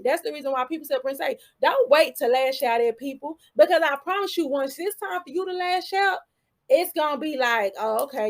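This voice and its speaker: A woman hosting her own channel, giving casual commentary full of rhetorical questions and asides. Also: sits high.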